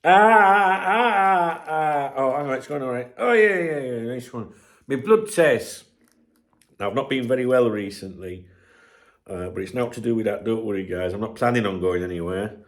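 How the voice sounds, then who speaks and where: A man from the UK hosting a casual morning football vlog at home, chatty and swearing freely, with a chesty cold that has him clearing his throat. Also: medium pitch, normal speed. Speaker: football channel host. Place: indoors at home. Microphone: camera on tripod.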